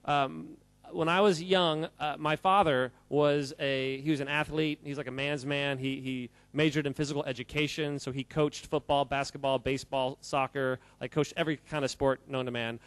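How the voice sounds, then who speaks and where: A man giving an animated, jokey talk to a live audience, quizzing the crowd and often laughing. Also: mid-range voice, moderate pace, few pauses, no echo. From United States. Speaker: speaker addressing a live audience. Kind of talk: lively audience-interactive talk.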